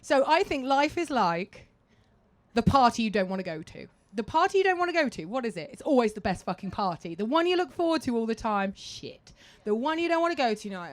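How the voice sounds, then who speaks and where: A woman's voice: a little high, lively intonation, a little fast. A woman telling a blunt, swearing, self-mocking story to a live audience, acting out her own thoughts. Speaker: panel speaker at a live event.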